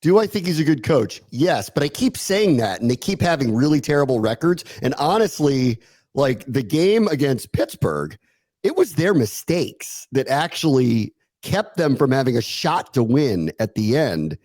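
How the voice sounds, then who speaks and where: A man co-hosting a sports podcast, animated and sarcastic, laughing often in casual talk. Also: medium pitch, normal speed, no room sound. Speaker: podcast co-host.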